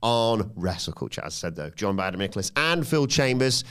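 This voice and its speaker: Lively British male podcast host. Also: fairly low pitch, clear, resonant tone. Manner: lively, jokey, rattles through plugs quickly. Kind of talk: casual wrestling podcast chat.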